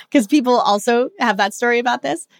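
A woman's voice: fairly high pitch, brisk, gravelly, no echo. Earnest coach woman in her forties. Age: 40s. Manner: earnest, animated, laughs often. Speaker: guest coach. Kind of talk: podcast interview conversation.

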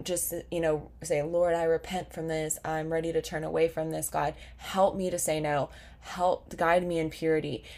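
Earnest low-voiced woman podcaster. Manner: earnest, heartfelt, casual with many fillers. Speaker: podcast host. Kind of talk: faith-based podcast talk.

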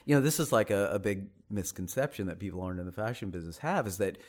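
A man's voice: deep voice, lively intonation, fast talker, a little mellow. A man who is a fashion designer, talking candidly and ramblingly about his early struggles. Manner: candid and rambling, with frequent "you know". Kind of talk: conversational storytelling.

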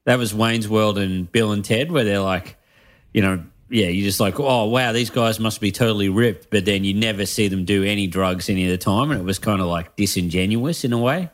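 A man co-hosting a podcast, easygoing and animated, laughing a lot in casual chat. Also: lowish voice, a little fast. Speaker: podcast co-host.

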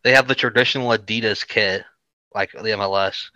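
A man with a bright, crisp, smooth voice co-hosts a casual podcast. He gives blunt opinions, often pausing on fillers. The recording is dry and close. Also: lowish voice, steady tone, no echo, lo-fi sound. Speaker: podcast co-host. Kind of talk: casual chat.

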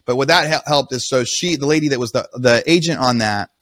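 A man, a podcast guest, telling his own story in a casual, animated way, often breaking off and restarting his sentences. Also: medium pitch, dry recording. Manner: rapid, animated retelling with restarts.

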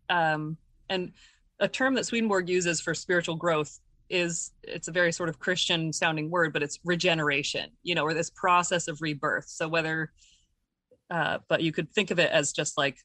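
Bright-voiced woman musing thoughtfully. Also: low voice, dry recording. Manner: thoughtful, searching for words with many fillers and restarts. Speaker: interview guest. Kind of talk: reflective conversational explanation.

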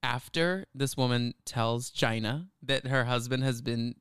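With slight background noise, a man speaks at medium pitch and a measured pace. He's a podcast co-host spinning a story in casual chat, animated and giggly, often breaking into laughter.

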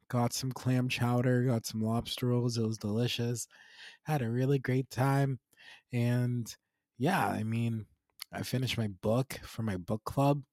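A man hosting his podcast in a casual, rambling chat, hoarse, raspy and congested from being sick, with laughs between phrases. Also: mid-range voice, darkish tone, no room sound. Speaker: podcast host.

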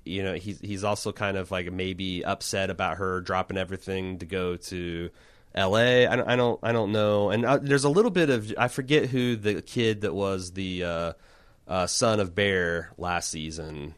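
Rambling low-voiced man chatting. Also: moderate pace, clean tone, dry recording. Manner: rambling, self-interrupting, joking. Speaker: podcast co-host. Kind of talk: casual chat.

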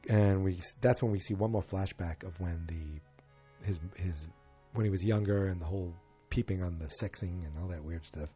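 A man's voice: deep voice, moderate pace, mellow, slightly rough, soft background music. A man casually recapping a TV episode, rambling and correcting himself as he goes. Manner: rambling, self-correcting, many fillers.

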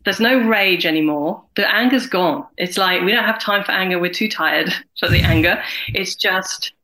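A woman in her forties, a guest in a candid interview, talking in an animated way and acting out other people's lines. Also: on the low side, normal speed, low-quality recording. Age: 40s. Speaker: guest, carer and writer.

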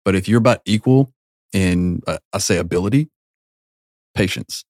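A man's voice: low voice, normal speed, a little mellow, dry recording, clean studio sound. A man co-hosting a casual podcast, talking emphatically and giving advice with some swearing. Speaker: podcast co-host. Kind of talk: casual chat.

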